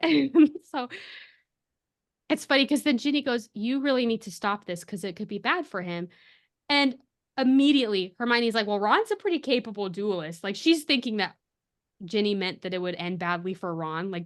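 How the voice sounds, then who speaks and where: A woman podcast host chatting casually, retelling a story in an animated way with lots of laughs. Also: medium pitch, normal speed. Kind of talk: casual chat.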